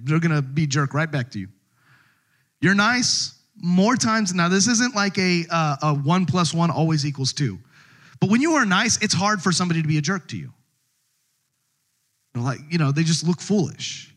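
Middle-aged guy pastor preaching, high voice, animated storyteller who laughs a lot. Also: normal speed. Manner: animated storytelling, laughs often, rising to shouts in stories. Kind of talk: sermon.

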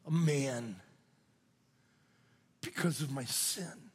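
Older guy pastor, husky voice, slow dramatic sermon, echoey church hall. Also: a little high. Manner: dramatic, swings from loud cries to hushed whispers. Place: church sanctuary.

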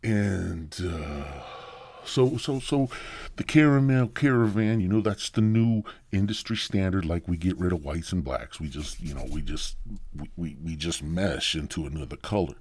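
A man hosting a podcast, riffing through a meandering, profane comedic monologue with lots of halting restarts, close to the microphone. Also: low voice, darkish tone, breathy edge, no room sound. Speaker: podcast host.

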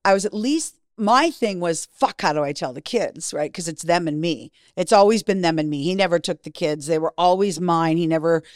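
A woman's voice: fairly low pitch, normal speed, hardly any pauses, dry recording, clean studio sound. A woman in her fifties, a guest in an interview, telling her story bluntly, swearing freely and acting out what people said.

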